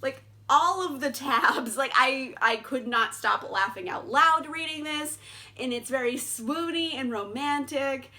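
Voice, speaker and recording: Young female book vlogger, high and bright, casual and blunt with some cursing. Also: a little slow. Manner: animated, blunt and swears freely. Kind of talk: casual book review chat.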